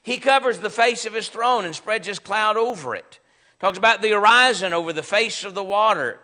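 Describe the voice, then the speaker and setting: A man's voice: high voice, moderate pace, pushed and bright. A man with a Southern American accent teaching a Bible class in a conversational, emphatic way. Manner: conversational, emphatic, acts out sarcastic quotes. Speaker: preacher.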